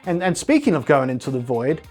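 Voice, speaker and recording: A man hosting a comedic tech news monologue, with punchy, jokey delivery and big swings in pitch. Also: big pitch swings, brisk, darkish tone, soft background music. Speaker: host.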